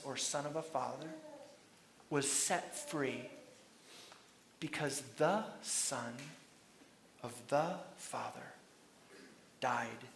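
A man preaching a sermon, retelling a story dramatically and shouting out the crowd's lines. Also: medium pitch, echoey room, a little hiss or hum.

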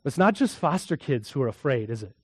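Pastor preaching, hushed to emphatic. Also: male voice, mid-range voice, very animated, a little fast, breathy edge, no room sound. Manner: storytelling, swings from hushed to emphatic. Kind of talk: sermon.

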